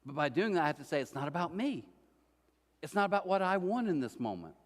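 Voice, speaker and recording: A middle-aged man preaching a sermon as pastor, telling stories and acting out quoted voices with lively swings. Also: fairly high pitch, fast. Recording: church hall reverb.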